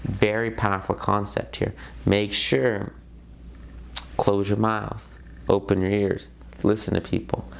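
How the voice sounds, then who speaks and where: A man's voice: lowish voice, little pitch movement, takes it slowly, vocal fry. A young man teaching an online self-improvement lesson in a casual, emphatic way, with many fillers. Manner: conversational, emphatic, filler-heavy. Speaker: course instructor.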